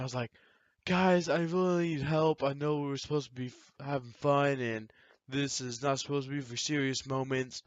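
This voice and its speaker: A man's voice: medium pitch, smooth, dry recording, muffled recording. A teenage young man casually telling enthusiastic, rambling stories into a microphone as a channel host. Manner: animated, enthusiastic, rambling storyteller. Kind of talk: casual storytelling chat. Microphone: desk microphone.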